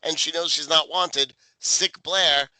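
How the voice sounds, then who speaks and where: A man's voice: fairly high pitch, fairly even intonation, slow pace, sharp tone, no room sound, poor audio. A man co-hosting a podcast, recapping a TV episode in casual chat, swearing and jokingly acting out the characters' lines. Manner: profane, jokey, acts out characters' lines. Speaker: podcast co-host.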